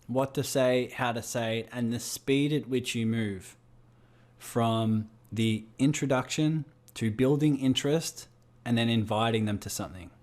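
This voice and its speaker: A man with an Australian accent leading a group coaching call over a video call, firing rhetorical questions at his listeners. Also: mid-range voice. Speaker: business coach.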